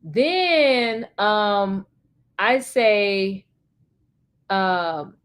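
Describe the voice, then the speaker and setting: A woman's voice: medium pitch, animated, very slow, clean tone. A woman streaming solo, reading chatbot answers aloud in an earnest, emphatic way and adding her own remarks, with hesitant fillers between passages.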